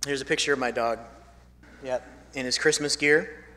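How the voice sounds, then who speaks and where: A man preaching a sermon as a pastor, telling a story and swinging from emphatic lines to hushed ones, with phrases repeated for emphasis. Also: medium pitch, fairly even intonation, moderate pace. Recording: long hall reverb.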